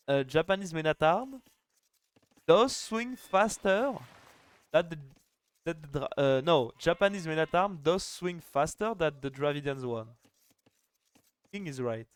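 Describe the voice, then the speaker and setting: A man's voice: a little high, clean tone. A young man casting a live strategy game final, chatty and joking, with lots of "like" fillers. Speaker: esports caster.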